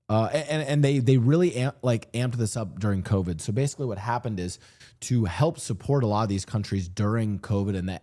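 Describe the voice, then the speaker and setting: Animated young-sounding male streamer chatting. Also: fairly low pitch. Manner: rambling, animated, full of restarts and mock voices. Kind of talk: casual livestream chat. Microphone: streaming desk mic.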